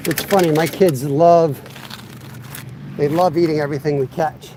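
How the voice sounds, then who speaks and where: Speaking at an ordinary pace with fairly even intonation, this fishing livestream host in his fifties has a slightly high voice and some background noise around him. He rambles and teases himself while chatting casually outdoors by the water, recorded by a tripod-mounted camera.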